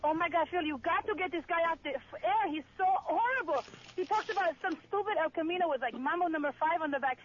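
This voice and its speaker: A woman caller with a very high voice rattles off indignant complaints at speed. She scolds without pausing. The line is muffled, with faint hiss behind her. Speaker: radio caller. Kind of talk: phone call to a radio show.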